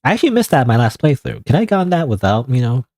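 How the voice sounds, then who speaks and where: A man's voice: mid-range voice, sing-song, very fast, a little mellow, no echo, clean studio sound. A man streaming a game, chatting and musing about what he finds, with frequent self-corrections. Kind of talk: gameplay commentary. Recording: faint game music behind.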